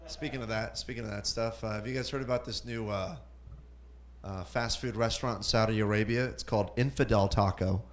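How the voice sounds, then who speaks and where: A man's voice: lowish voice, steady tone, brisk. A man in his forties from Southern California doing open-mic stand-up in a comedy club, rambling with self-deprecating asides. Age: 40s. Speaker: stand-up comic.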